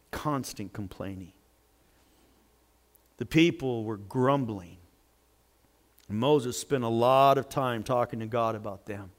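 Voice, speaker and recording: A male pastor preaching a sermon in a jokey, animated way, with sudden loud outbursts. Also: mid-range voice, slow, long pauses.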